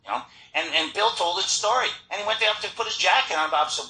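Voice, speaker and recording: A man's voice: high voice, fast talker. Man sharing his story at a meeting. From Florida. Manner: storytelling, animated, frequent restarts. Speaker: recovery meeting speaker. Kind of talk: personal recovery talk. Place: meeting hall. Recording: echoey meeting hall.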